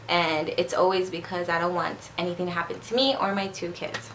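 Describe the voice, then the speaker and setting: A woman vlogger whose first language is Spanish talks to camera in a rambling, chatty way, slurring her words a little when she speaks fast. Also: fairly low pitch, flat delivery, fairly bright tone, slight background noise. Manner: chatty, rambling, repeats herself. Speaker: beauty vlogger. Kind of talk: casual chat to camera.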